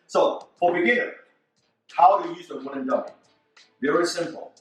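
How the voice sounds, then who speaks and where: A man's voice: on the high side, normal speed. A man coaches a demonstration lesson in broken English, repeating words as he shows each move. His voice sits well back from the mic and rings through a very echoey indoor room. Faint music plays behind him. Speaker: martial arts instructor. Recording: roomy echo, mic at a distance, faint music.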